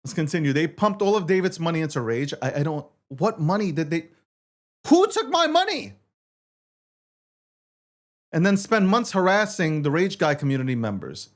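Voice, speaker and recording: On the high side and expressive, the host talks a little fast with hardly any pauses. He rants angrily and profanely, arguing against the social media posts he reads aloud.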